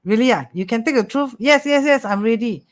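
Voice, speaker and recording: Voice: medium pitch, fairly quick, voice pushed up, close to an everyday voice. The teacher putting on an eager client who keeps insisting on hearing the truth. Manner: pleading, insistent, repeats itself.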